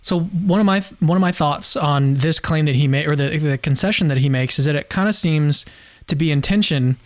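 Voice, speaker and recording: A man hosting a discussion, asking questions in a relaxed way with small restarts. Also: on the high side, a little fast, no room sound, studio quality. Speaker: host. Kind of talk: casual interview chat.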